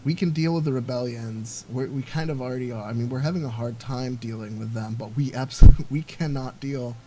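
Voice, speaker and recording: A man's voice: mid-range voice, brisk, very noisy. A man giving casual gameplay commentary, rambling and thinking aloud with lots of fillers. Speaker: let's play host.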